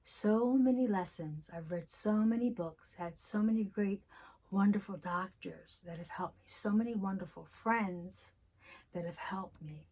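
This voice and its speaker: A woman in her sixties talking candidly in a personal vlog, telling stories and reflecting slowly. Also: mid-range voice, dark tone. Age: 60s. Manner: candid storytelling, slow and reflective. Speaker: vlogger.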